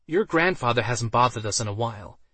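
A man's voice: medium pitch, lively intonation, brisk, bright, forceful tone, husky, no echo. A man voicing a weary, sensible wife who sounds exasperated. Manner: exasperated, sighing.

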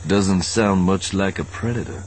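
A man's voice: deep voice, a little slow, a little mellow, a little hiss or hum, rough recording. A man reading an audiobook voices an easygoing male smuggler with a dry, wry way of speaking. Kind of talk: audiobook narration.

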